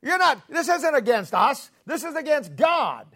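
A man puts on an exaggerated, very high voice, pitched above his own, to play an exasperated, pleading Moses. The delivery is a little slow and fairly bright, with big swings in pitch.

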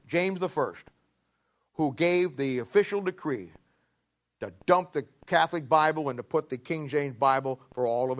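Folksy high-voiced man preaching a sermon. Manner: folksy, emphatic storytelling with rhetorical questions. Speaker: pastor.

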